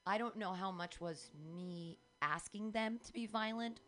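A middle-aged woman hosting a casual chat, telling frank stories in an animated way, with faint noise behind. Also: deep voice. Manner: candid, animated storytelling with acted quotes.

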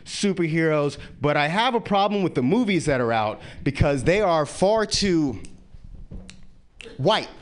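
A man doing a stand-up comedy set, profane and animated, jumping into quick character bits. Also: sits high.

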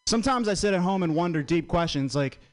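A man with a fairly high voice tells stand-up one-liners. His pitch swings widely as he talks, and his delivery is bouncy. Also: animated, fast talker. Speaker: stand-up comedian.

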